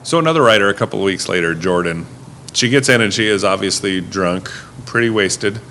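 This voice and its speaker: Over heavy background noise, a man with a lowish voice talks a little fast as he shares his rideshare-driving stories on a podcast. He's a relaxed storyteller who imitates his passengers along the way.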